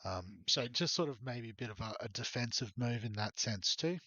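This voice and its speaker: A man's voice: mid-range voice, animated, normal speed, bright, forceful tone, dry recording, highs cut off. A man walking through his fantasy rugby league team in a rambling, hesitant way, full of ums. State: has the hiccups. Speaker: fantasy sports youtuber. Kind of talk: casual fantasy team walkthrough.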